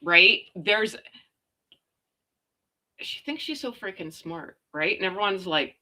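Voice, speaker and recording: Woman host, casual sarcastic rant, bright forceful tone, gossip stream. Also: mid-range voice, unhurried. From Canada. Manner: sarcastic, ranting, animated. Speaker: royal gossip livestream host. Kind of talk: casual chat reading viewer comments.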